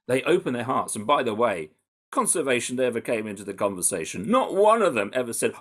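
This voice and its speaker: A British man answering interview questions in an animated, conversational way, with frequent restarts and fillers. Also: on the low side, fairly quick. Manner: animated, full of restarts and "you know". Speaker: campaigner interviewed about undercover research.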